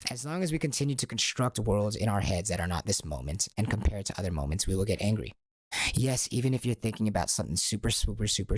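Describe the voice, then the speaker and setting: Man, gravelly, husky, lively pitch; solo podcast host, whispery swings. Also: no echo, studio quality. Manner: dramatic swings between whispers and loud lines. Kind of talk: meditative monologue podcast.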